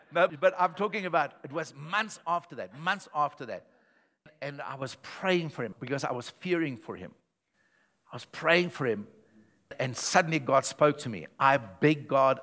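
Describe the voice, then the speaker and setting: A man, a pastor, preaching a sermon in church with lively storytelling that swings between loud and hushed delivery. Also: mid-range voice.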